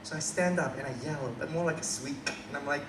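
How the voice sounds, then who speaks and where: In a roomy, distant recording from a small indoor coffee shop venue, a young adult Australian comedian tells a story and does crowd work. He talks fairly quickly in a higher voice with fairly even intonation, while background noise, room ambience, and audience laughter carry underneath.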